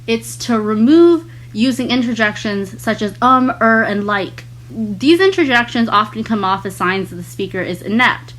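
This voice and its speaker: A woman's voice: on the high side, lively intonation, normal speed, fairly bright tone, poor audio. Teenage girl explaining speaking pitfalls. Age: teens. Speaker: guest student speaker. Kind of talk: explaining public speaking tips.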